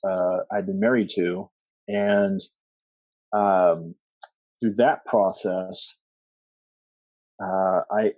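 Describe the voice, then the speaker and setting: Husky low-voiced man telling his story. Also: no echo. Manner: rambling with many fillers and restarts, animated quoting. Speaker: podcast guest. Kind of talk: storytelling interview.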